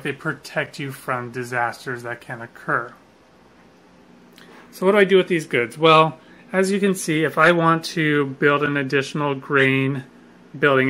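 Man, bright tone, casual board game rules walkthrough, some um and uh, faint background hum. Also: mid-range voice. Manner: relaxed, with fillers and self-corrections.

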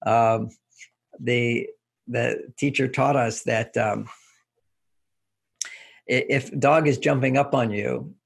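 A man's voice: medium pitch, fairly even intonation, slow pace, creaky, pauses often, husky. A man talking as a guest in an interview, explaining his ideas through homely anecdotes and chuckling as he goes. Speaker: relationship author and guest. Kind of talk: relaxed interview talk.

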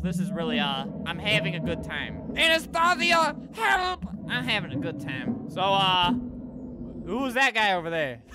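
Man, very high voice, sarcastic deadpan gameplay commentary, panicky yelps. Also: noisy background. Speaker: gaming video host.

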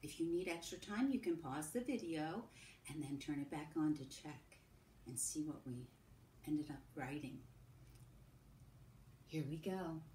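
A woman teacher giving a recorded phonics lesson to young children, modelling sounds and sentences slowly. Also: low-pitched, mellow, distant mic. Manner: slow, sing-song, drawn-out modelling of sounds and sentences. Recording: echoey room with faint background hum.

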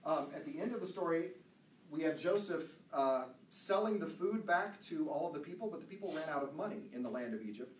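A man's voice: a little high, animated, fairly quick, recorded from a distance, slight background noise. A man teaching a Bible study, chatty and loose with many asides, reading passages aloud. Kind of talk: casual teaching talk, reading scripture aloud. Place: church room. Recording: roomy echo, voice off-mic, faint ambience.

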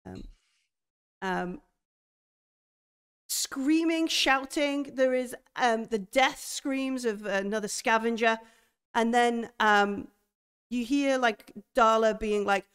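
A woman game master describing a horror scene in a tabletop game, halting as she goes. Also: fairly high pitch, smooth. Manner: halting, full of fillers and restarts.

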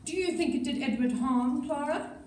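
A woman's voice: sits high, darkish tone, slight background noise, pitched above the performer's own voice, lightly acted. A woman reading a grave, stern stepfather. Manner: grave, measured, coldly formal. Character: stern cold stepfather, middle-aged man. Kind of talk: reading aloud at a school assembly. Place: school assembly hall. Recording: echoey hall, mic far off.

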